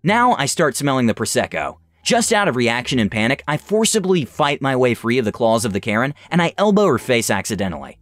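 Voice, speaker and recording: A young man reading online stories aloud with an animated, expressive delivery. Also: medium pitch, brisk, few pauses. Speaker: story reader.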